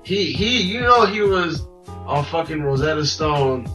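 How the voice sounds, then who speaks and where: Bright-voiced dude cohosting a podcast, cussing a lot, sounds a little far from the mic, soft music behind. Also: male voice, fairly high pitch, a little slow, lo-fi sound. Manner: loose, profane, animated storytelling. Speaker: podcast co-host. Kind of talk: casual podcast chat.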